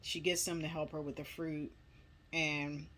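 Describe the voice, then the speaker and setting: A woman's voice: low voice, level tone, measured pace, a bit bright, slight background noise. A woman casually retelling a film's plot in a chatty, rambling way, full of filler words. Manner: chatty, rambling, many "you know" fillers. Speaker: movie recap vlogger. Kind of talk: casual movie plot recap.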